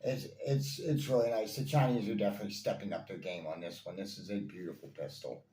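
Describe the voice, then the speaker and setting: A man's voice: on the low side, fast, dark tone. Enthusiastic man reviewing toy blasters. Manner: enthusiastic, repetitive, lots of fillers. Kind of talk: casual product review. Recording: echoey room, faint ambience.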